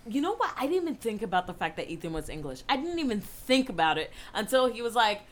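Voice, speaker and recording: A young woman co-hosting a casual chat, animated and swearing freely, with big exclaiming reactions. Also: a little high, fast, few pauses. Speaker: podcast co-host.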